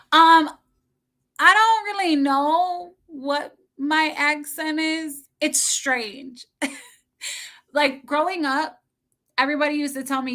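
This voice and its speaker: Middle-aged woman livestreaming, higher-pitched, tense and bright tone, rambly, laughs a lot. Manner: rambling, chatty, laughs often. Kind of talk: casual chat with viewers.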